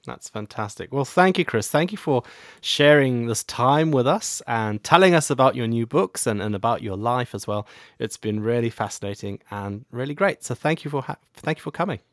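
A man's voice: mid-range voice, lively intonation, normal speed, fairly bright tone, no room sound, studio quality. A man hosting a podcast, interviewing his guest with short affirmations and signing off the show. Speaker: podcast host.

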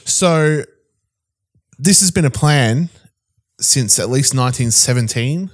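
A man's voice: mid-range voice, expressive, slow. Rambling man, casual podcast chat. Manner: rambling, searching for names mid-sentence. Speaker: podcast co-host.

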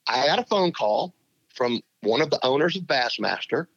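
A man's voice: medium pitch, moderate pace, gravelly. A middle-aged man, a former pro angler, telling stories as an interview guest and laughing as he goes. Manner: animated, laughs through his stories. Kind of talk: conversational storytelling in an interview. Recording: dull lo-fi sound.

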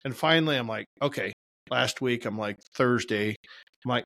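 A man's voice: medium pitch, normal speed, gravelly, bright, forceful tone. A man casually telling rambling, profane stories about his work and poking fun at himself as a regular on a talk show. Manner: profane, rambling, self-deprecating. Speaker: podcast regular. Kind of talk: casual storytelling.

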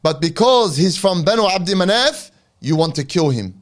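A man's voice: high-pitched, lively intonation, normal speed. A man voicing a stern male companion who warns an enemy leader in a solemn, urgent tone. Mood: warning.

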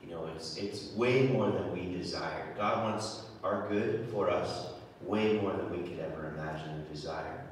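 A man's voice: low voice, a little slow, a little hiss or hum. A man giving a homily, talking conversationally and often repeating words as he restarts. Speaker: preacher. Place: church. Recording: echoey church from far off.

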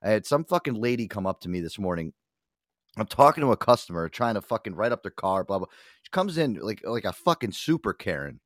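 A man's voice: lowish voice, very animated, fairly quick, dry recording, studio quality. A middle-aged man co-hosting a casual podcast, telling a workplace story full of profanity and acted-out quotes. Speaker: co-host.

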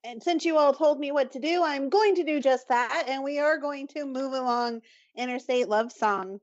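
Playful high-voiced podcast hostess. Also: female voice, normal speed, dry recording, dull audio. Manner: playful, teasing, moves things along. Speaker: podcast host running the bracket. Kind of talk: casual podcast hosting.

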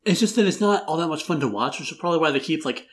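A man's voice: fairly high pitch, expressive, very fast. A man hosting a casual film review chat, wry and rambling, laughing through his jokes. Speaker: podcast host.

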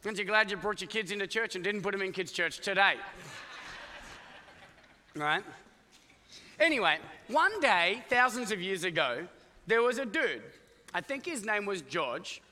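High, lively-voiced pastor in an echoey church. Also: male voice, normal speed, long pauses. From Iowa, United States. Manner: animated, joking storyteller acting out voices. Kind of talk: sermon. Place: church auditorium with congregation.

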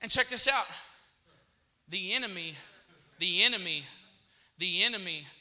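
A man's voice: high-pitched, animated, unhurried, bright, forceful tone. A man preaching a sermon in church, repeating phrases and calling out to the congregation.

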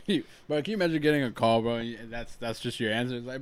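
A man co-hosting a casual podcast, relaxed and laughing with friends. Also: medium pitch, fast, clean tone. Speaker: podcast co-host. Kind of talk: casual chat.

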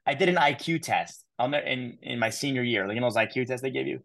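A man in his thirties from the United States, a guest telling his life story in an interview, animated and quick to repeat words. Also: medium pitch, creaky, no room sound. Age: 30s. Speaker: guest speaker.

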